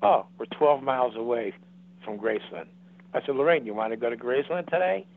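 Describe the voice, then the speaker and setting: A man in his seventies, appearing as a guest, tells long rambling stories with many restarts and acted-out quotes. His medium-pitched voice is a little fast, with vocal fry. The line is dry and tinny, like a phone, with no room sound.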